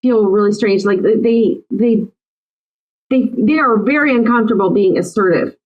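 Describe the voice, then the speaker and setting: A woman's voice: mid-range voice, moderate pace, muffled recording. A woman hosting a casual chat, agreeing often and summing up the guest's points in short phrases. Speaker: show host.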